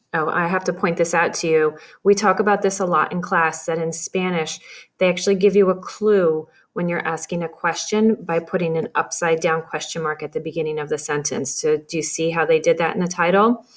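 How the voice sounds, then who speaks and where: A woman teacher giving a recorded lesson to young children, explaining slowly and patiently. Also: lowish voice. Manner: patient, slow and explanatory, addressing kids directly.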